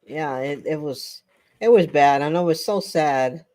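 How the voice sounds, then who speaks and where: A woman's voice: sits low, unhurried, dark tone. An older woman hosting a casual livestream chat with viewers, chatty and rambling, often breaking into laughter. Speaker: livestream host.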